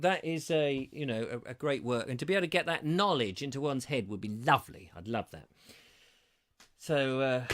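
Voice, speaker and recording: Broadcasting live from his terraced house, an English host runs a comedy talk show, his voice a little high and a bit bright. He chats and rambles while reading viewer comments and playfully stumbling through tongue twisters.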